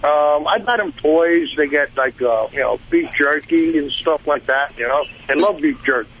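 A truck driver from New Jersey with a Brooklyn accent calls in to a radio show for a phone-in chat. His voice is a little high and husky, at normal speed, over dull audio, and he talks in a rambling, chatty way.

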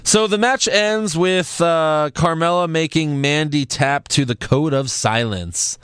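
A man's voice: on the high side, unhurried, a bit bright, smooth, no room sound. A man co-hosting a casual chat, rambling and laughing often. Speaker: podcast co-host.

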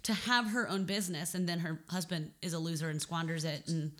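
A woman co-hosting a casual film podcast, chatty and quick to correct and add details. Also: fairly low pitch, fairly even intonation, a bit bright. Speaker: podcast co-host.

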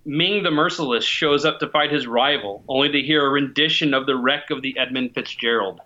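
Man in his forties, bright and forceful voice, muffled lo-fi sound, steady matter-of-fact quiz reading. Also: medium pitch, brisk. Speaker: trivia quiz guest reading questions. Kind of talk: reading quiz questions, casual banter.

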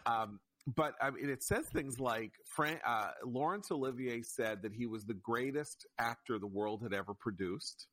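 Brief: male podcast co-host, mid-pitched voice, meandering and amused. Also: moderate pace, hardly any pauses, a bit bright, no room sound. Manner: rambling, laughs easily. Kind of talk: casual chat.

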